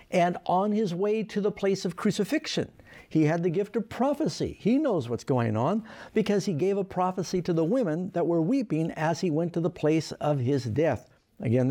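A man's voice: a little high, dark tone. A man preaching a sermon, reading scripture aloud and stressing key lines with earnest emphasis.

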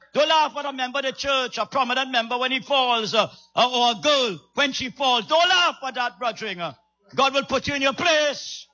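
A raspy-voiced male preacher delivering an emphatic sermon, repeating lines and calling for amens. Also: very high-pitched, pushed and bright, lo-fi sound.

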